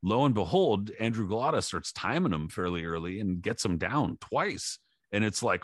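A man's voice: fairly low pitch, normal speed, breathy edge, no echo, clean studio sound. A man co-hosting a podcast, telling a story with lots of swearing and acting out the people in it. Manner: profane animated storytelling, acting out shouted quotes. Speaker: podcast co-host. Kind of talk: casual podcast chat.

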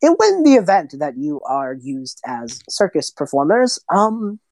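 A woman's voice: sits low, big pitch swings, unhurried, a little mellow, heavily acted. A woman voicing a boastful male inventor mage in a tabletop game, smug and self-praising. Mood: breezy.

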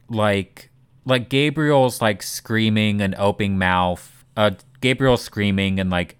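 A man in casual podcast chat, talking slowly and bluntly with plenty of swearing. His voice is smooth and clear, a little low. The sound is dry and close. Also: no room sound. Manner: blunt, swears freely, rambling asides. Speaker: podcast co-host.

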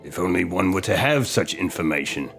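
A blunt, scheming adventurer lays out his terms in a dry, deliberate manner, as a man puts him on. His voice is very low, yet lively in its intonation. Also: gravelly, soft background music, heavily acted. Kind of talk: tabletop role-play as a character.

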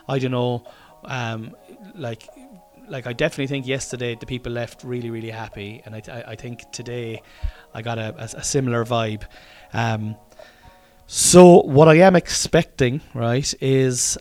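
A man's voice: medium pitch, darkish tone. An Irish man hosting his own podcast in a rambling, tired, casual diary style, swearing often and restarting sentences. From Ireland. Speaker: podcast host.

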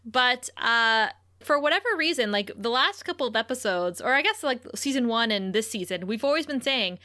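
Woman podcast co-host, bright voice, fairly high, animated, laughs a lot, casual chat. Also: normal speed. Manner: animated, laughs often, acts out quotes. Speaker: podcast co-host recapping a TV episode.

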